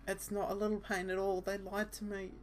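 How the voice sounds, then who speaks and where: A man's voice: high-pitched, completely flat delivery, fairly quick, a little hiss or hum, voice pushed up, natural voice. A man doing Asa, a pained teenage schoolgirl. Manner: pained, pleading. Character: shy determined teenage schoolgirl senpai in pain. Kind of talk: visual novel read-aloud.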